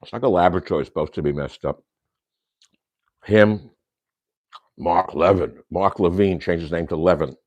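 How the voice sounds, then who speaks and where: An older man with a very deep, low voice hosts a casual livestream from his home kitchen. He rambles and rants, throwing insults and Yiddish slang. The sound is dry and close, with no room echo. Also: normal speed, long pauses, a little mellow, dull audio. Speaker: host.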